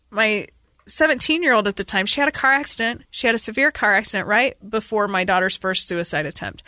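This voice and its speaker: A woman in her forties, a podcast guest, telling a painful family story in an earnest, urgent, fast-flowing way. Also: mid-range voice, sharp tone, no room sound. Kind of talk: emotional personal interview.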